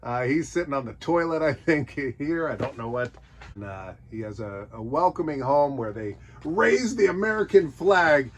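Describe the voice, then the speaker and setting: A man's voice: mid-range voice, lively intonation, a little slow, a little hiss or hum. A man hosting a nostalgia show, joking his way through old children's books and sometimes putting on silly voices. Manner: jokey, puts on silly character voices. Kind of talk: casual comedic commentary.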